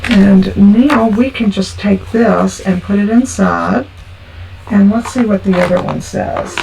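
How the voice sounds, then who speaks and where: A woman's voice: mid-range voice, huge pitch swings, slow, gravelly. Chatty woman crafting from a distance. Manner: chatty, homey, talks through each step. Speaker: card-making crafter. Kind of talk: casual craft tutorial. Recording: from a distance with faint background noise.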